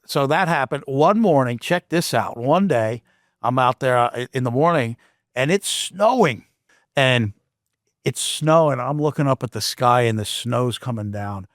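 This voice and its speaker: A man's voice: mid-range voice, measured pace, dry recording. Guy on his podcast telling a story, keeps restarting, mid voice, dry close sound. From Canada. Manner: animated, with frequent restarts and asides. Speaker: podcast host. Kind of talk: casual storytelling.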